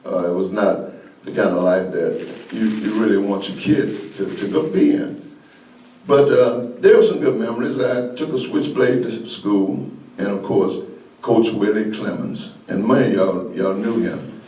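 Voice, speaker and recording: An older man tells folksy stories as a guest speaker, laughing often as he goes. His voice sits a little low, and it is picked up from some distance in an echoey room. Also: steady tone, measured pace, a little mellow. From Florida, USA. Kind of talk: storytelling speech. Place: meeting hall.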